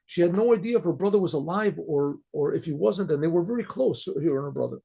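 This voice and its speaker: A man, a rabbi, telling a story in a casual, halting way with many restarts and frequent throat clearing. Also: on the high side, animated, dark tone.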